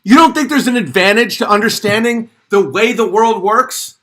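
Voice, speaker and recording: Fired-up male commentator, forceful and a bit high, preachy rant. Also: moderate pace. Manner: intense, preachy, worked up. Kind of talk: ranting commentary.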